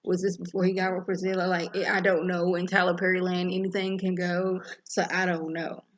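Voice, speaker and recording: A woman giving a casual, animated recap of a TV episode, acting out the characters' lines as she goes. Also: fairly low pitch, brisk, muffled recording. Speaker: TV episode reviewer.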